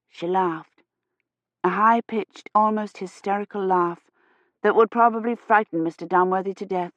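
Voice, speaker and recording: A woman reading a science fiction novel aloud in a measured, steady narration. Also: on the low side, no room sound, highs cut off. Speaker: audiobook narrator. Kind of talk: scripted narration.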